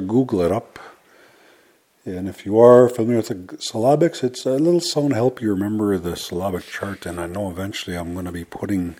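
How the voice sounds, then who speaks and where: Man, husky voice, lowish pitch, relaxed teacher, repeats phrases slowly. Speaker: Cree language teacher. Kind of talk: casual spoken language lesson.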